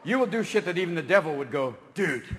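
A man from California doing a live stand-up routine on stage, talking manically and shouting as he jumps between silly voices. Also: on the high side, expressive, rapid-fire, a little hiss or hum. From Marin County, California, USA. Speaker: stand-up comedian. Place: stage in a large theater. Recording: reverberant live hall with ambience.

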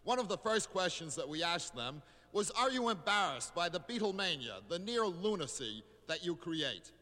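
A man's voice: high voice, very animated, bright, forceful tone, big-room sound. Vintage radio newsman narrating. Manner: brisk, formal announcer delivery.

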